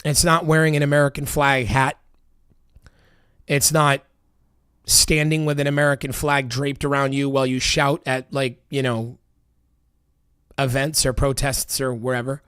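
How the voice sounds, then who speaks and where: A man's voice: medium pitch, level tone, unhurried, pauses often, a bit bright, smooth, dry recording, studio quality. A man delivering a heated, profanity-laced political rant, emphatic and repetitive. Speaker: political commentator.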